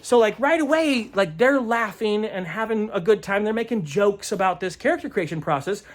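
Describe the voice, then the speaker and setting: A man's voice: high-pitched, expressive, moderate pace. Man, game master type, loose rambling recap, stops to hunt for the right word, chuckles a lot. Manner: rambling, searching aloud for words; chuckles often. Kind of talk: casual vlog recap.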